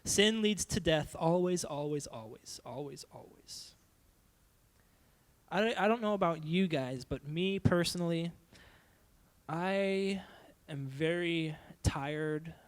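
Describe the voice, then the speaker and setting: A young man giving a playful, animated youth sermon, acting out silly voices as he goes. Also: a little high, takes it slowly, smooth. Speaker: youth pastor.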